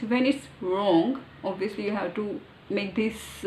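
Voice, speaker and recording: A woman with an Indian English accent talking casually about learning pronunciation, thinking aloud with many pauses and fillers. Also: medium pitch, darkish tone, slight background noise. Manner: halting, thinking aloud, with fillers and demonstrated sounds. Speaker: language learner. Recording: echoey room, faint ambience.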